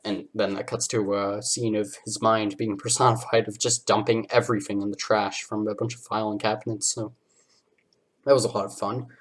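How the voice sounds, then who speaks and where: Rambling podcast host recapping cartoons. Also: male voice, on the low side, level tone, moderate pace. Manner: rambling, filler-heavy, acts out character lines. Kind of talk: casual episode recap.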